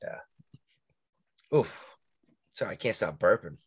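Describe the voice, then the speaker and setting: A man with a Massachusetts accent co-hosting a podcast in casual chat, talking in an animated way that jumps high when he gets worked up. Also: moderate pace, no echo, studio quality. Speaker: podcast co-host.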